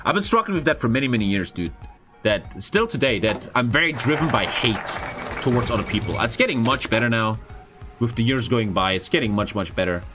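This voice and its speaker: A young man, a streamer, telling a story in casual, profane, expressive chat. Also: mid-range voice, brisk, over music. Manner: profane, expressive, frequent swearing.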